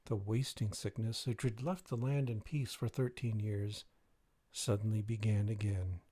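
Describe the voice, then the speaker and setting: A man reading a dark fairy tale aloud in a measured, even way. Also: fairly low pitch, breathy edge, no echo. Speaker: reader. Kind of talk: storybook reading.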